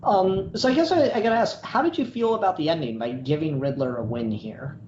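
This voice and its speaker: A man's voice: fairly high pitch, fairly quick, background noise. A man co-hosting a podcast, talking casually and hesitantly about comics. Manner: hesitant, lots of fillers and restarts. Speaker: podcast co-host. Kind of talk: casual comic book discussion. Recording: echoey, dull lo-fi room sound.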